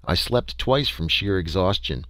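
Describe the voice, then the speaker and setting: Low-voiced man narrating a story. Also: lively intonation, unhurried, fairly bright tone, no echo. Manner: folksy, conversational with small hesitations. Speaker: audiobook narrator. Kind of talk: first-person audiobook narration.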